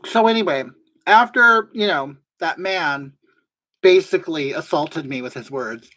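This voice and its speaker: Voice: medium pitch, expressive, measured pace, pushed and bright. A performer doing a brash gossipy woman streamer. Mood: rambling. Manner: rambling, indignant, reads chat aloud. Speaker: livestream host. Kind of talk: live-stream character comedy.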